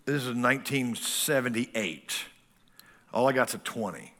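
A man's voice: medium pitch, lively intonation, a little slow, a bit bright. A man in his sixties preaching a sermon as pastor, folksy and full of stories.

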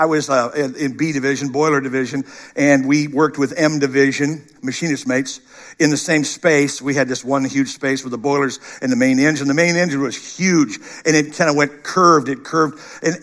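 A middle-aged man preaching a sermon, animated, dropping to a hush and rising to loud bursts. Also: mid-range voice. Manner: animated, shifts between hushed and shouted. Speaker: pastor.

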